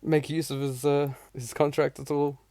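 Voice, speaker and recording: A man's voice: fairly high pitch, little pitch movement, moderate pace, dark tone, no room sound. A man co-hosting a podcast, chatting casually with mocking, profane jokes and frequent laughter. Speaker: podcast co-host.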